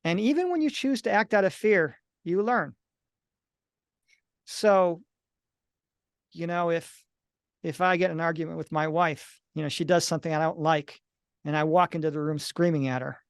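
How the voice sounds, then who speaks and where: A man's voice: a little high, normal speed, long pauses, no room sound, clean studio sound. A middle-aged man, an author and analyst of near-death experiences, giving earnest, explanatory interview answers and sometimes acting out little scenes. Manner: earnest, explanatory, acts out little quoted dialogues.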